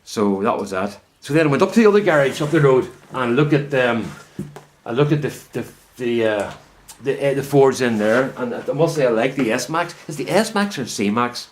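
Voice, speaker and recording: A man's voice: mid-range voice, expressive, normal speed, a little hiss or hum. A man with a Northern Irish accent chatting casually to camera from his greenhouse, rambling and correcting himself as he tells a story. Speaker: vlogger. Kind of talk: casual chat.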